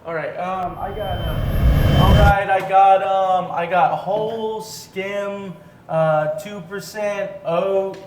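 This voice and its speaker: A man playing a host who calmly treats creature milk as normal, matter-of-fact about the absurd. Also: high voice, slow. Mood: deadpan. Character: cheerfully strange man offering creature milk. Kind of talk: sketch comedy. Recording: echoey room, loud noise.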